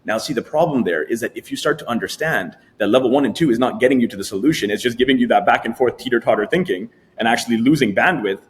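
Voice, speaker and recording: Male coach guest, mid-pitched, animated explainer who acts out examples. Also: fast, hardly any pauses. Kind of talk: explaining a technique in interview.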